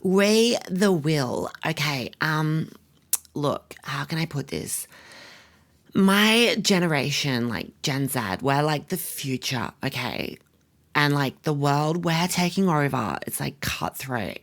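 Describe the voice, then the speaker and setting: A man's voice: on the high side, lively intonation, slow pace, creaky, fairly bright tone, full character voice. A man playing a spoiled, bratty young Australian woman about to turn 21, talking in a vlog-style comedy monologue full of "like" and crude swearing. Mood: wheedling. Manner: valley-girl drawl, filler likes, crude swearing.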